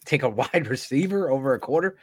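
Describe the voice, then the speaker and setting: A man's voice: mid-range voice, animated, fairly quick, a little mellow, husky, no room sound. A man co-hosting a casual sports talk show in a studio, ranting heatedly with plenty of profanity. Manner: heated, profane, storytelling rants. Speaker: podcast co-host. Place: podcast studio.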